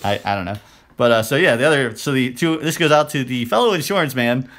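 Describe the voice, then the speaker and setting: A man co-hosting a podcast tells rambling stories in casual chat, speaking quickly in a mid-range voice. He acts out quoted lines, quoting himself and others in animated bursts.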